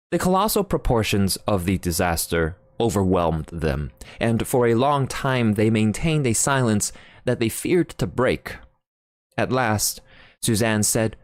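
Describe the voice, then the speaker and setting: Woman, very deep voice, lively intonation, expressive audiobook narration, dry close recording. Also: measured pace, dry recording. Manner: expressive, theatrical reading.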